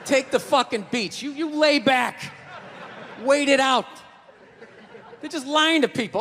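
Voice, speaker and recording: A man doing a stand-up routine, ranting loudly and swearing a lot. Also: very high-pitched, unhurried, long pauses. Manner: ranting, profane, loud and emphatic. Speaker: stand-up comedian. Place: comedy stage before a live audience. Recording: live stage recording, long reverb, audience noise.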